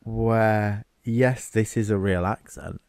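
Slow, low-voiced man chatting. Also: steady tone, a little mellow, clean tone, no echo, studio quality. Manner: chatty, wry, thinks aloud with fillers. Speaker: podcast co-host. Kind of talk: casual film discussion.

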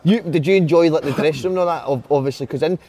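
A man's voice: on the high side, racing, warm tone. A man hosting a podcast, asking questions with upbeat banter. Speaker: podcast host. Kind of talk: casual podcast chat.

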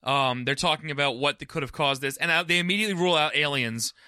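A man co-hosting a casual movie podcast who quickly recaps scenes and chimes in with his co-hosts. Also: a little high, pushed and bright, clear, resonant tone, no echo.

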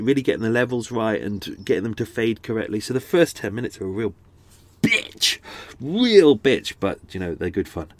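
A man's voice: fairly low pitch, no echo. A man hosting his podcast in a casual, rambling chat, with a slightly blocked nose, recording close to the microphone on a houseboat. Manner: chatty and meandering, frequent restarts and asides. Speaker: podcast host. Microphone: studio microphone close up.

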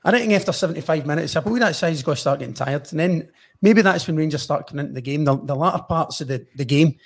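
A man's voice: a little high, fast talker, gravelly. A man with a Scottish accent giving football predictions in casual podcast chat, eager and rambling. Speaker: podcast co-host.

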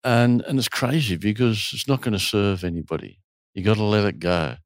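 A man running a retreat, telling stories casually in an interview with a lively, animated delivery. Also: on the low side, a little fast, dry recording, clean studio sound.

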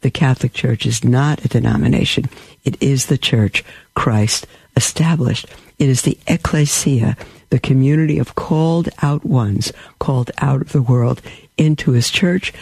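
A man's voice: normal speed, gravelly, darkish tone, husky, dry recording. A man preaching a sermon, explaining words in a teaching way, often repeating key words. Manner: teaching, repeats key words, rises high when quoting. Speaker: Catholic preacher.

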